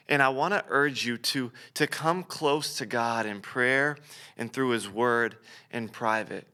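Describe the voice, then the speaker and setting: A young adult man giving a short devotional sermon, telling a personal story earnestly and easing into soft, quiet emphasis. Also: medium pitch, smooth. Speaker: pastor.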